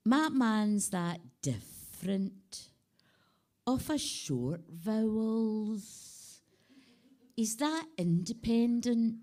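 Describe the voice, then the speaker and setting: Slow, playful woman reading poetry. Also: a little high, dark tone. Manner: playful, shifts voices and dynamics while reading. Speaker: poet. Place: live venue.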